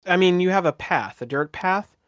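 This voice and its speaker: A man's voice: high-pitched, expressive, normal speed, no room sound, clean studio sound. Man narrating as game master. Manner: soft descriptive narration with casual fillers.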